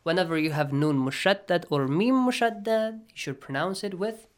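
Soft-spoken man teaching Quran recitation. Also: high-pitched, lively intonation, normal speed. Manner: patient, checks understanding with frequent "okay?"; drops to near-whisper asides between recited phrases. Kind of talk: classroom tajweed lesson.

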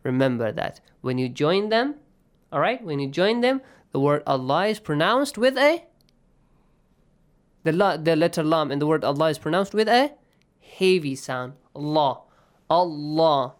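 Teacher checking "okay?" often. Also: male voice, on the high side, big pitch swings, moderate pace. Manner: explains patiently, often checks with "yes?" and "okay?". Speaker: Quran teacher. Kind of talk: online tajweed lesson.

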